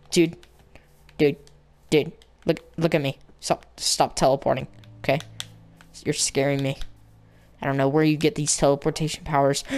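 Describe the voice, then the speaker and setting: A young woman talks through her gameplay in a loose, playful way, joking and muttering to herself as she goes. Her voice sits a little low for a woman. She chats to her viewers casually, as if they were right beside her. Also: darkish tone. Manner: playful, chatty, talks to in-game animals in a squealing baby voice. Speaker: gaming channel host. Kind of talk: casual game commentary.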